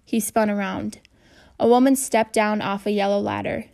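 A woman narrating a children's novel aloud in a steady reading voice. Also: mid-range voice, normal speed, gravelly. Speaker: audiobook narrator.

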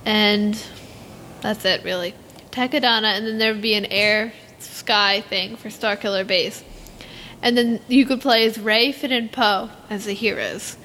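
A teenage girl chatting casually as a podcast co-host, rambling and giggly, telling animated stories. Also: mid-range voice, measured pace, slight background noise. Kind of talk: casual fan chat.

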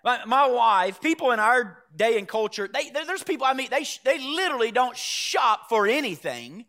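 High, bright-voiced male pastor preaching. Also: big pitch swings, moderate pace. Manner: dramatic swings from loud emphasis to hushed near-whisper; conversational, asks the congregation direct questions. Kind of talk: sermon.

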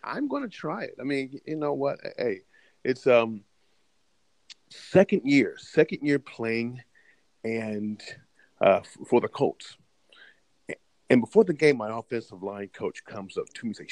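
A man, a former pro football lineman, telling a lively story as a podcast guest and acting out the voices in it. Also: medium pitch, normal speed, long pauses, no room sound. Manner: animated storyteller who acts out the quoted voices. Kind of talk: lively storytelling over the phone. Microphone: phone line.

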